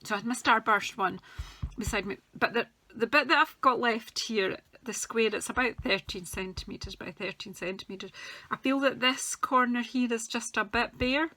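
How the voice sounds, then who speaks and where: A woman chatting casually through a craft tutorial, talking as she works and going soft and quiet when she concentrates. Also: a little high, moderate pace, hardly any pauses, a little hiss or hum. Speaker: craft demonstrator.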